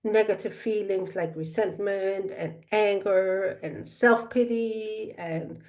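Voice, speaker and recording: A middle-aged woman speaking softly and reflectively, telling a personal spiritual story with many pauses and fillers. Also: mid-range voice. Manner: soft-spoken, meandering, with frequent fillers.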